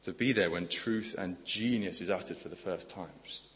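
A man's voice: low-pitched, normal speed, a bit bright. A man preaching a sermon in an earnest, conversational way, asking the congregation questions. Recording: long echoing church reverb.

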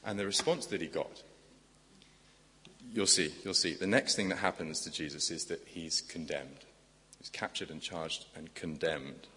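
A man's voice: very deep voice, normal speed, sharp tone. A man preaching a sermon in an earnest, conversational way, asking the congregation questions. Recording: long echoing church reverb.

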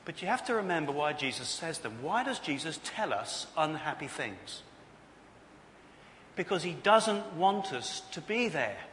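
A man's voice: on the high side, bright, forceful tone. A man preaching a sermon. He tells stories with animation and acts out other people's voices. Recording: echoey hall with faint noise.

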